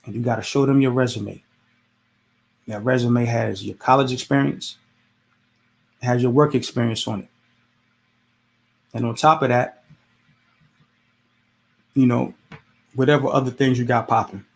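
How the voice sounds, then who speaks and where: Gravelly man giving casual advice. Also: mid-range voice, fairly even intonation, unhurried, pauses often. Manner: conversational, repetitive, preachy with rhetorical questions. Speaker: podcast host. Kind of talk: casual motivational monologue.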